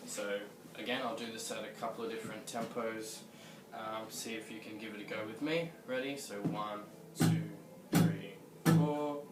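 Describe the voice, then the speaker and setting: A man's voice: on the low side, steady tone, fairly quick, few pauses. Guy teaching guitar scales, counts you in, echoey room, mic a ways off, guitar playing along. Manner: patient, counts in tempos. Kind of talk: video music lesson. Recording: roomy echo, distant mic, guitar.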